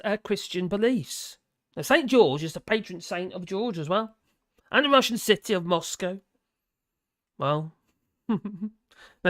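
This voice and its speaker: A man's voice: high voice, a bit bright. Guy hosting a live stream, chuckles a lot, voice bouncing all over the place. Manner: rambling, chuckling, sarcastic asides. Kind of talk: casual live stream commentary.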